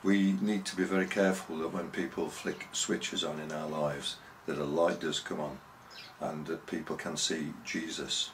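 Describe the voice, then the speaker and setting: A man's voice: a bass voice, fairly bright tone, slight background noise, poor audio. A man preaching a sermon, telling a story and asking earnest rhetorical questions.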